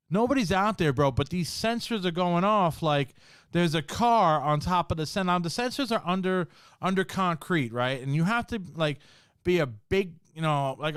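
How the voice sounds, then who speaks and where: A man's voice: fairly high pitch, clean tone, no echo, clean studio sound. Slangy man telling a spooky story. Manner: slangy, swears a lot, says "bro" and "man" often. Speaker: podcast host. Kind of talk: casual storytelling.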